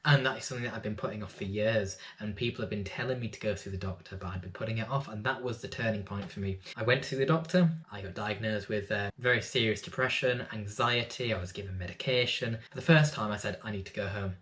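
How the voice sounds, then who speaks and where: A young man with a fairly low-pitched voice speaks in an earnest, reflective way. He sounds thoughtful and candid as he explains his own poetry straight to camera in a personal vlog. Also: fast talker, few pauses, fairly bright tone.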